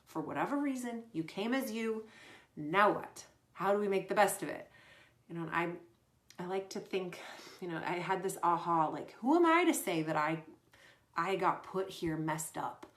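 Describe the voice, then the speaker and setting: Chatty woman coach in a roomy room. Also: fairly low pitch. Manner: chatty, conversational, many fillers. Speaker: performance coach. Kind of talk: casual Q&A advice talk.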